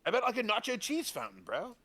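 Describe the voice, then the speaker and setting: A man's voice: very high voice, huge pitch swings, fast, bright, forceful tone, heavily acted. A man playing a laid-back talk show co-host in a role-play game, casually chatting and tagging his lines with easygoing slang. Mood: laid-back banter.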